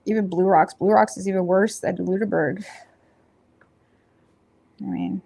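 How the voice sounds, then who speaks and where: A woman with a Nova Scotian accent doing a tarot reading in a rambling, casual chat, full of fillers and self-corrections, blunt and quick to laugh. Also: mid-range voice, steady tone, vocal fry, warm tone. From Nova Scotia, Canada. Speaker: tarot reader.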